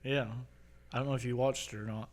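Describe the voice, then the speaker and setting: A man co-hosting a podcast in casual chat, jokey, laughing a lot and acting out quotes in a loud, high voice. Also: steady tone, a little fast. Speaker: podcast co-host.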